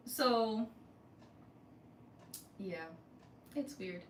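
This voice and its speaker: This woman speaks slowly with frequent pauses, her high voice rising and falling dramatically. As co-host of a theme park vlog channel, she chats on a casual podcast, spinning stories and acting out what people said. Audio has echo, a distant mic, and light background noise.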